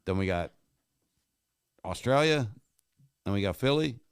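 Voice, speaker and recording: A man's voice: on the low side, expressive, unhurried, gravelly, clean tone, no room sound, clean studio sound. A man on a podcast, blunt, ticking off a list of upcoming events. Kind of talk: casual podcast chat.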